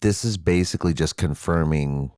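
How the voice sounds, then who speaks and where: A man with a very deep, slightly mellow voice co-hosts a podcast at a moderate pace, rambling casually with lots of swearing and fillers. He's an adult with children. The sound is clean studio audio with no room sound.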